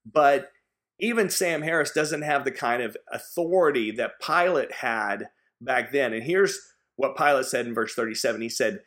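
A man's voice: mid-range voice, moderate pace, a bit bright. A man preaching a sermon, earnest and emphatic, driving points home with repetition. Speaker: pastor.

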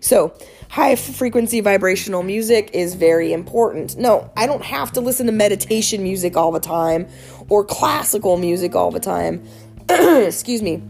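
A woman giving casual wellness advice in an earnest, animated, chatty way, with many fillers. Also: mid-range voice, moderate pace, creaky. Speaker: wellness speaker.

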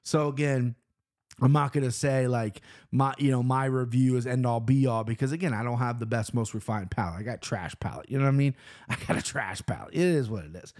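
A man from Cincinnati, Ohio, who makes vlogs, talks fairly fast with a medium-pitched, darkish voice. He tells a meandering, foul-mouthed story about what he did over the weekend.

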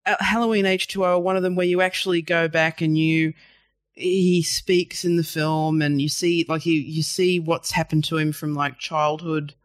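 A man co-hosting a casual film chat, animated and repeating words as he thinks. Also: a little high, normal speed, no echo, studio quality. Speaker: podcast co-host.

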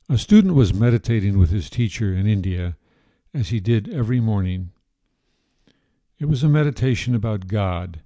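Deep, mellow man telling a story. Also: no echo. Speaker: podcast host and storyteller. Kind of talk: scripted story narration.

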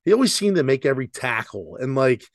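A man's voice: medium pitch, fast, no room sound, studio quality. A man co-hosting a casual sports podcast, ranting with plenty of swearing. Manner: animated, profane sports ranting. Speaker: podcast co-host. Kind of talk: casual chat.

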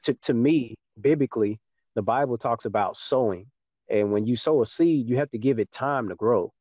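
A man's voice: medium pitch, normal speed, dark tone, dry recording. A young man from Texas in casual chat, telling a story and acting out what people said to him. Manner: storytelling, acts out dialogue with mom.

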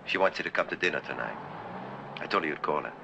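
A gravelly, weary father. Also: extremely low pitch, fast talker, a little hiss or hum, full character voice, low-quality recording. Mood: offhand. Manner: flat, offhand and practical. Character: weary, matter-of-fact father of a teenage son. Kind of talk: 1960s film drama acting.

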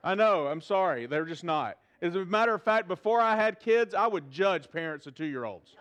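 A middle-aged man, preaching a sermon in a church to a live audience, animated and humorous, asking the crowd questions. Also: high voice, moderate pace, dull audio. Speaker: pastor.

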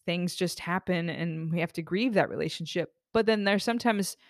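A woman hosting a self-help talk podcast, speaking earnestly in a rambling, expressive way. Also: fairly low pitch, moderate pace, no echo, clean studio sound. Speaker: podcast host.

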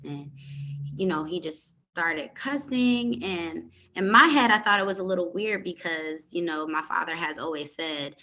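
A young woman hosts her own podcast and tells a personal story in a calm, halting way, with frequent fillers. Her voice sits a little low in pitch and has a bright, forceful tone. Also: a little hiss or hum. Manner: calm, hesitant retelling with many fillers. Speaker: podcast host.

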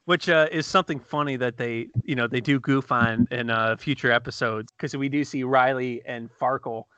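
A man co-hosting a casual podcast, excitedly retelling TV scenes with quick laughs and restarts. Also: medium pitch, smooth, no room sound, muffled recording. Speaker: podcast co-host reviewing TV episodes. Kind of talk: casual chat.

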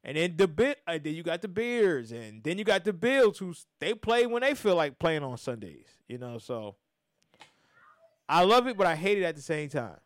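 A man hosting a podcast, talking sports casually, animated, swinging between loud and soft and often restarting his sentences. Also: a little high, normal speed, dry recording, clean studio sound. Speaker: podcast host.

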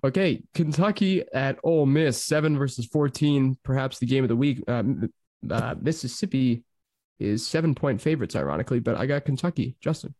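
A man's voice: mid-range voice, warm tone, no room sound, clean studio sound. A man hosting a casual sports podcast, calling on each panelist in turn for game picks. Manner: brisk, calls on each panelist by name. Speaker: host. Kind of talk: casual podcast chat, running weekly picks.

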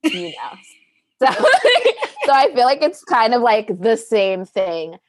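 A woman from Baltimore with a subtle Baltimore accent, chatting as a guest and telling relaxed stories. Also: fairly high pitch, slow, no echo. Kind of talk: casual interview chat.

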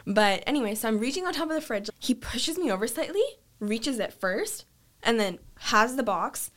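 Animated young woman telling a story. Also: moderate pace. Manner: animated, acts out quotes with big pitch jumps. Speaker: guest. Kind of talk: casual storytelling.

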